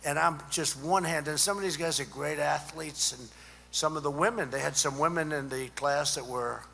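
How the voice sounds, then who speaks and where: A man's voice: on the high side, moderate pace, creaky, bright, forceful tone. A man giving an off-the-cuff speech at a student conference, rambling and repetitive with many asides to the crowd. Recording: echoey hall with faint hum.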